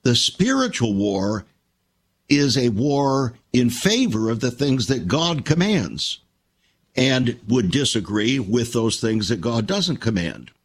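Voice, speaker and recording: An older man hosting a Christian radio talk show, telling stories in a measured, reflective way. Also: mid-range voice, big pitch swings, slightly rough.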